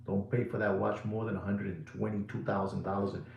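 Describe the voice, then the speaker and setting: Booming showman of a middle-aged man. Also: level tone, fairly quick, vocal fry, dull audio. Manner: showman-like, repetitive, swings between booming and hushed; mixes Spanish words into English. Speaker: watch dealer hosting a live sales show. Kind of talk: live sales pitch to viewers. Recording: roomy echo.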